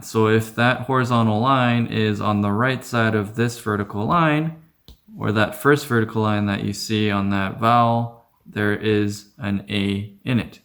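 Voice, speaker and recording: Male teacher, low and gravelly, unhurried casual lesson delivery with demonstrated sounds. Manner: relaxed, repeats sounds slowly to demonstrate. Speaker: Korean language teacher.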